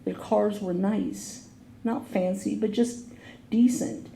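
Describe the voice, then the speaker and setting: A woman's voice: medium pitch, fairly even intonation, slow, creaky, warm tone. A woman sharing her recovery story at a meeting, telling it earnestly and acting out the people she quotes. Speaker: AA speaker. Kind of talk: recovery talk, personal story. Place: meeting hall. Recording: echoey room with faint noise.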